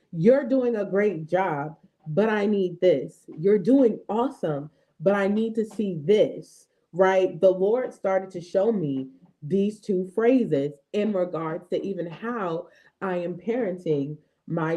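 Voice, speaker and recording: A woman in her thirties hosting a faith talk, speaking to viewers in a lively, chatty way and often checking in with "right?" and "okay?". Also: mid-range voice. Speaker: host of a faith affirmation show. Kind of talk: casual devotional talk.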